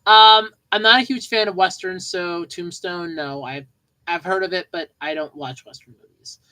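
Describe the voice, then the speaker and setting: A woman's voice: on the low side, normal speed, bright, forceful tone, low-quality recording. A woman hosting a podcast, telling rambling childhood stories and chatting casually about movies, often repeating herself and laughing. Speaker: podcast host. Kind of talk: casual storytelling and movie chat.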